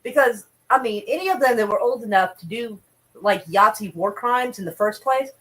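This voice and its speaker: A woman's voice: on the high side, expressive, normal speed, fairly bright tone, rough recording. A woman streaming casual news commentary, blunt and profane, chatting with viewers between headlines.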